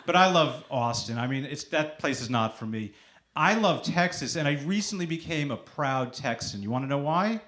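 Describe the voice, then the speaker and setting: A man's voice: a little high, expressive, moderate pace, a bit bright. A man in his thirties doing a stand-up set, with a sing-songy delivery that makes everything sound like a question. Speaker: stand-up comedian. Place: comedy club stage before a live audience. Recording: noisy live club recording.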